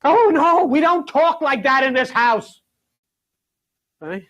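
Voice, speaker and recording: A man delivering a sermon, emphatic, swinging from loud to hushed and asking his listeners "see?". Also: very high voice, animated, slow, lo-fi sound. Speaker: spiritual teacher.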